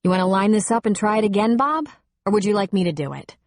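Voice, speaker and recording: A woman's voice: medium pitch, lively intonation, fast, no echo, studio quality, voice pushed up, natural voice. A woman voicing a firm female airline captain who speaks in clipped, commanding phrases.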